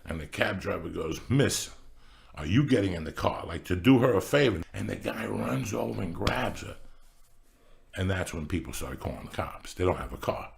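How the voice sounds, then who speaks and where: Podcast host, middle-aged man, low gravelly voice, animated storyteller. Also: normal speed. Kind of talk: casual storytelling.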